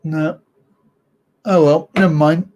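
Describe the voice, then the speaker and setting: A man's voice: on the high side, steady tone, slow, darkish tone. A man hosting a live online chat, rambling and chuckling as he reads out viewer comments and teases them. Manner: rambling, chuckling, self-correcting, teasing viewers. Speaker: host of a live chat show.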